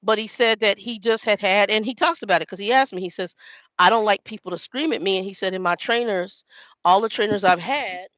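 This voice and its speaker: A woman's voice: mid-range voice, a little fast, a bit bright, dry recording. Woman, 50s, trucker vlogger, storyteller who quotes herself, dry slightly dull recording. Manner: chatty storytelling, quoting herself. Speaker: truck driver trainer. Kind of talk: casual chat to viewers.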